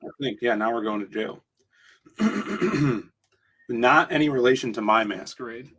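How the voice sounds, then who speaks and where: A man co-hosting a casual talk stream, rambling as he flips through comics, his voice slightly hoarse. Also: medium pitch, lively intonation, measured pace, crowd noise. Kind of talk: casual chat.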